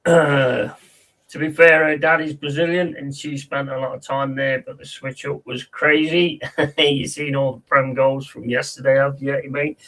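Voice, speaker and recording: A man's voice: mid-range voice, little pitch movement, measured pace, fairly bright tone. A man hosting a football watch-along, chatting casually with viewers and calling the play. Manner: chatty, laddish, reads chat aloud and answers. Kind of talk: casual match commentary and chat with viewers.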